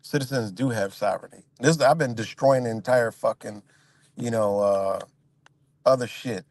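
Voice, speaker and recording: A man talks straight into his mic on a casual livestream, rambling and swearing as he rants. His pitch sits in the middle for a man, and the sound is dry and close with no room behind it. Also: normal speed, dry recording. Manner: profane, rambling, animated, mocks others in high voices. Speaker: livestream host.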